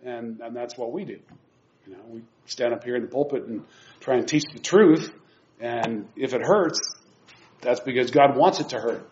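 A man's voice: mid-range voice, normal speed, a little mellow, a little hiss or hum. Chatty man preaching from the pulpit. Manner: chatty, laughs at himself, restarts phrases. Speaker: preacher teaching a Bible class. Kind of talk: informal sermon with scripture reading. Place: church pulpit. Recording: dull lo-fi recording.

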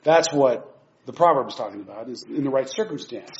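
A man's voice: medium pitch, animated, brisk. A man preaching an informal sermon from a church pulpit, reading scripture and chatting in a self-mocking way. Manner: chatty, laughs at himself, restarts phrases. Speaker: preacher teaching a Bible class. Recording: dull lo-fi recording.

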